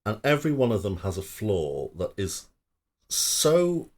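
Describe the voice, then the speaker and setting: Deep-voiced man chatting with lively swings. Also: a little slow. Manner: enthusiastic, rambling with restarts. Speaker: company member promoting a play. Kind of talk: casual podcast chat.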